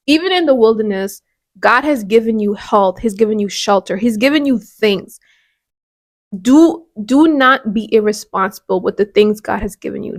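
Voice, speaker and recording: Woman, podcast host, devotional talk; earnest and conversational with frequent restarts, voice on the high side. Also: dry recording.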